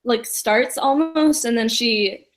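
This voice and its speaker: A woman's voice: fairly high pitch, slow. A woman player casually narrating a character's actions, rambling with many fillers.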